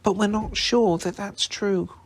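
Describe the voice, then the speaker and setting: A sharp, no-nonsense schoolgirl from a storybook speaks in a raised voice with a gravelly edge, as a man puts her on. She sounds severe and quick to correct. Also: high-pitched, fairly even intonation, pitched above the performer's own voice. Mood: stern. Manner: severe, exasperated. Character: brisk earnest schoolgirl, severe.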